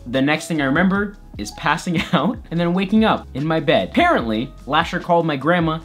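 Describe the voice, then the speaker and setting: A man's voice: a little high, animated, fairly quick, few pauses, fairly bright tone, faint music behind. A man vlogger narrating a comedic personal story in a playful, exaggerated way.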